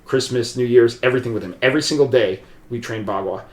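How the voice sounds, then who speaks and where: A man speaks at an ordinary mid pitch, telling a long personal story in a loose, rambling way. He keeps restarting sentences and filling gaps with "like" and "um". The room rings with a noticeable echo. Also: fast talker, a little mellow. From USA. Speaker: podcast guest, martial arts practitioner. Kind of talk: casual storytelling conversation. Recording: roomy echo.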